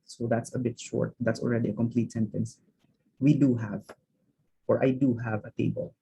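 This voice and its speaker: A man from the Philippines teaching a simple language lesson, explaining example words slowly with frequent fillers and restarts. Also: medium pitch, flat delivery, vocal fry, mellow, husky, low-quality recording. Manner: hesitant, many fillers and restarts.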